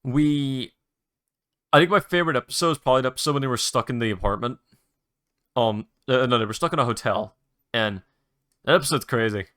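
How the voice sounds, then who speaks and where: A young man talking casually on his own show, drifting from topic to topic with frequent restarts and the odd curse. His voice is bright and forward, and his pitch sits in an ordinary middle range. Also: brisk, pauses often. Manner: rambling, restarts, mild swearing, enthusiastic recommendations. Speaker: podcast host. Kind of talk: casual solo chat.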